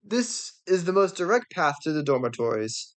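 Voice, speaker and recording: A woman voicing a strict older female teacher giving brisk instructions in a fan reading of a film script. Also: deep voice, very animated.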